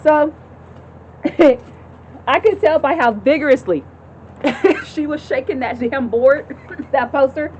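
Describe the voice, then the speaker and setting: A woman in her thirties casually telling a story to her viewers, animated and chatty, acting out voices and often laughing. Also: high voice, takes it slowly, pauses often, highs cut off, noisy background. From California. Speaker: vlogger telling a personal story. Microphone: phone camera.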